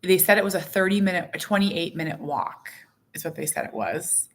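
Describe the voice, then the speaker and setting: A mother vlogs casually about her busy family life, rambling and chatty with lots of fillers, self-deprecating asides, and acted quotes. Her lowish voice is animated and fairly quick. A little hiss or hum runs underneath.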